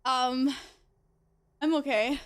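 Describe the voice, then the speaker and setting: A woman's voice: high-pitched, steady tone, very slow. A woman streamer chatting casually with her viewers, giggly and exasperated, swearing a lot. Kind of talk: casual livestream chat to viewers.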